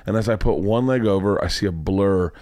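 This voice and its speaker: A man hosting a podcast, telling a story in casual chat, profane and animated, acting out the people in it. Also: low-pitched, fairly quick, dry recording, studio quality. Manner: profane, animated storyteller who acts out voices. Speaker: podcast host.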